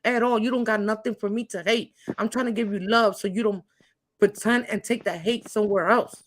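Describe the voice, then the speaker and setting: A woman on a livestream chat who talks in an animated, preachy and emphatic way, with a faint hiss of background noise. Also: medium pitch, brisk. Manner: animated, preachy and emphatic, says she feels hyper.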